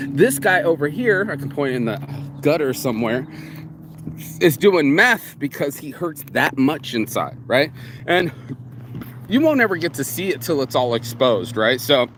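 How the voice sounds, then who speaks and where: Man, casual rambling vlog, profane, streetwise slang, slightly high voice, faint hum behind. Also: a bit bright. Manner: profane, streetwise, keeps saying bro. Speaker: vlogger and shirt designer.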